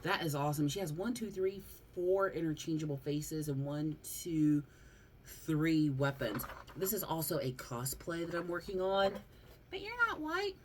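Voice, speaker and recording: A woman with a Southern accent, talking casually on her vlog about her figure collection, chatty, prone to rants and quick to laugh. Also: low voice, a little mellow, a little hiss or hum. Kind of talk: casual chat.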